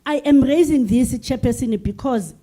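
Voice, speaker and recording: An older woman from South Africa speaks from the floor of a public forum, earnest and emotional, and she circles back to her points. Her voice sits a little high but sounds dark and mellow. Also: moderate pace. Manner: earnest, emotional, repeats herself. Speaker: sector delegate at a forum. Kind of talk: impassioned floor address. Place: large conference hall.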